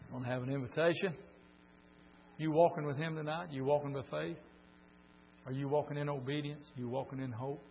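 An older man preaching a sermon, telling folksy stories and swinging from quiet talk to shouts. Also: fairly high pitch, fairly even intonation, brisk, pauses often. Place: church meeting. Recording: dull lo-fi recording with mains hum.

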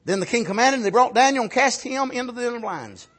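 A man preaching a fervent sermon, often rising to shouts and punctuating his points with amens. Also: very high-pitched, lively intonation, fast talker.

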